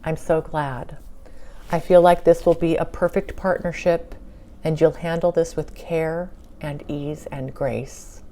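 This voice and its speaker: A dignified elderly queen speaks gently and formally, as a woman channels her. Her voice is low and mellow. She sounds gracious and kind. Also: fairly even intonation, measured pace.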